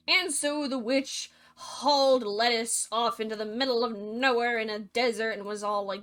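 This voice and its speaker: A woman narrates a fairy tale as comedy, dropping sarcastic jokes in a bubbly, quick manner. Her voice is bright and sits slightly high. The delivery is playful storytelling. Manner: sarcastic, jokey asides, fast and bubbly.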